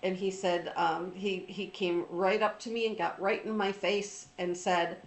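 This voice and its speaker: A middle-aged woman telling a personal story in an informal, reflective talk, pausing often with ums and restarts. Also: mid-range voice, fairly even intonation, roomy sound, poor audio. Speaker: trauma recovery speaker.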